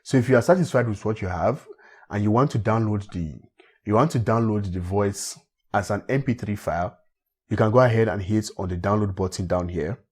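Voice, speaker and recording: A man from Africa walking viewers step by step through a software tutorial, often repeating himself. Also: lowish voice, a little fast, husky. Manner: steady step-by-step walkthrough, repeats phrases. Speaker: tech tutorial host. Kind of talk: screen-recorded software tutorial.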